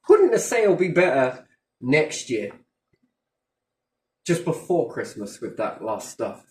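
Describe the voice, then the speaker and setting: A man's voice: medium pitch, sing-song, slow, long pauses, darkish tone. A man in casual chat, rambling and swearing, joking and acting out little dialogues. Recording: roomy echo.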